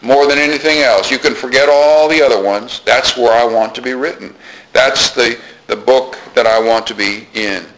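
A man's voice: medium pitch, normal speed, a bit bright, low-quality recording. A man preaching a sermon as pastor, earnest, repeating key phrases and asking the congregation questions.

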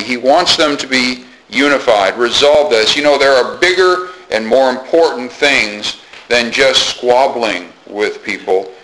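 A male pastor preaching to his congregation with a bright, forceful voice. He speaks earnestly, repeats his key phrases and puts questions to his listeners, with a faint hiss behind him. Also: medium pitch, poor audio. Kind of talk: sermon.

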